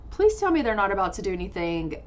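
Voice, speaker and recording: A woman's voice: medium pitch, sing-song, fast. A woman, chatting playfully through a life-sim game and laughing as she voices its characters. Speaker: gameplay host. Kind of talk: casual game commentary. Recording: dull, lo-fi audio with faint noise.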